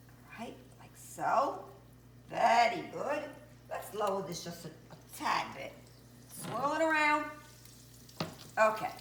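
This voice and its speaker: A woman's voice: fairly high pitch, a bit bright, a little hiss or hum. A woman hosting a cooking show, chatting her way through each step in her kitchen and humming to herself. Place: home kitchen. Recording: echoey kitchen with frying sounds.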